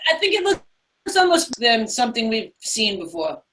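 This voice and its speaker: A woman's voice: fairly high pitch, big pitch swings, normal speed, fairly bright tone, a little hiss or hum. A woman with a New York accent, talking as co-host in a casual chat, emphatic and enthusiastic.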